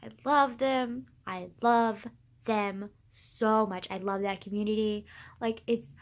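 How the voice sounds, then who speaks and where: A teenage girl talking casually to camera, gushing and excitable, full of sighs, fillers and swearing. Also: mid-range voice, slow pace. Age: teens. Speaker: vlogger. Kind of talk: casual rambling vlog.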